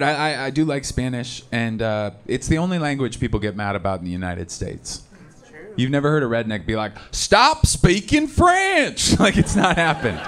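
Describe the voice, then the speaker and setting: A male stand-up comedian from the Seattle area, doing a conversational live set with deadpan punchlines and loud impressions of angry people. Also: mid-range voice. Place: comedy club stage. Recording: live club recording with crowd laughter. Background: audience laughter.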